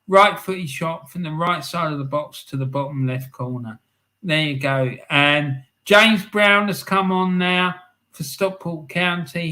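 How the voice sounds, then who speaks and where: A man hosting a casual live football stream, reading out scores and viewer comments in a chatty, excitable way. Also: a little high.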